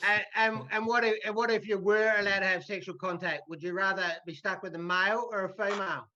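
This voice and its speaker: Australian caller, high and sharp, teasing, lo-fi video-call sound. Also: male voice, steady tone, fast. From Tasmania, Australia. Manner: teasing, playful. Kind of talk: joking call-in chat. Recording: dull lo-fi call audio with faint noise.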